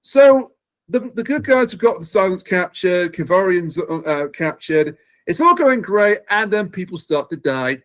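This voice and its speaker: A man's voice: high-pitched, very animated, a little slow, fairly bright tone. A man hosting a podcast, eagerly recapping a plot in casual chat. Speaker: podcast host.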